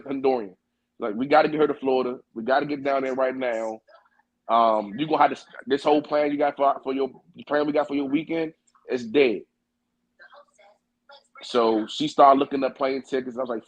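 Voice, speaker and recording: A man's voice: medium pitch, husky, no room sound, dull audio. A man telling a long story on a podcast, in loose, profane, casual chat. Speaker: podcast co-host.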